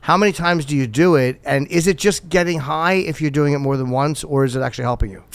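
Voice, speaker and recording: A middle-aged man hosting a loose conversation between comedians. His voice is gravelly and close to the mic, in a dry room, and he talks bluntly with plenty of profanity and jokes at his own expense. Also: a little high, quick pace, dry recording. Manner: blunt, profane, self-deprecating. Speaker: podcast host. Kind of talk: casual comedians' chat.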